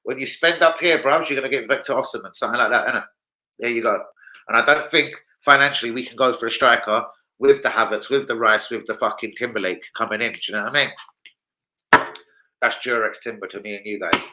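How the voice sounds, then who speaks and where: Slangy man, bright voice. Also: mid-range voice, quick pace, rough recording. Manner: slangy, swearing, rambling. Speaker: football channel host. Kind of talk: casual livestream chat.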